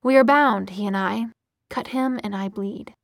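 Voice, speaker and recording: A woman's voice: medium pitch, unhurried, dry recording. Cocky teasing young guy, audiobook, woman reading him, dry close sound. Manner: smooth, lightly mocking.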